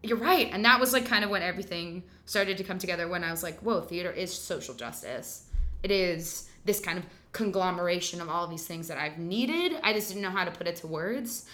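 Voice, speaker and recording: A woman theater actor, a guest in a casual podcast conversation, telling a story in a chatty, animated way with lots of fillers. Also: lowish voice, fairly quick, hardly any pauses.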